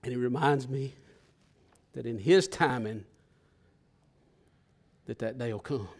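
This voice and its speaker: A male pastor preaching a sermon, swelling to loud bursts and then dropping to a hush. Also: mid-range voice, slow pace.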